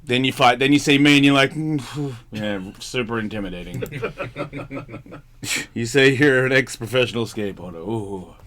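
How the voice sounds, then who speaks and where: Bright, profane radio host man. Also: mid-range voice, moderate pace. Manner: profane, mimics people in exaggerated voices. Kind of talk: casual studio banter. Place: radio studio.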